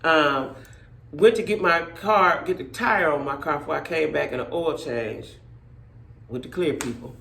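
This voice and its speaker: A middle-aged woman, telling stories to her viewers in a blunt, profane, animated way. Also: low voice, measured pace, gravelly, roomy sound. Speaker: vlogger. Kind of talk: casual storytelling rant to viewers.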